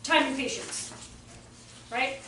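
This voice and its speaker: A woman speaks slowly in a high, bright, forceful voice with fairly even intonation, and a little hiss or hum is audible. At a live workshop for teachers she tells chatty stories and acts out quotes in voices, recorded with a distant mic in an echoey room holding an audience, faint ambience included.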